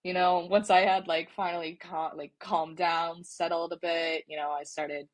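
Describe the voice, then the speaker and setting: A woman's voice: lowish voice, level tone, normal speed. A young woman in her twenties, a soccer player and podcast guest, telling a story casually with many fillers and restarts.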